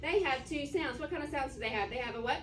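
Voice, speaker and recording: A woman teaching a first grade phonics lesson, asking her class questions and slowly sounding out letters. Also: sits high, background noise. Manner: call-and-response questioning, drawn-out sounding out. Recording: echoey classroom from far off.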